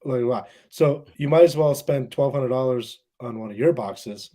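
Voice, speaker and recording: Mellow-voiced man chiming in casually. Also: mid-range voice, normal speed. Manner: relaxed, agreeable, chimes in with questions. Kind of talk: casual podcast chat.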